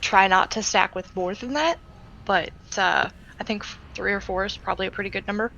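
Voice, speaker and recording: Woman raid leader talking tactics on voice chat, bright clear tone, patient and a bit rambly, faint noise behind. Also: mid-range voice, brisk, muffled recording. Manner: patient, instructive, with many fillers. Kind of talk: explaining game tactics on voice chat.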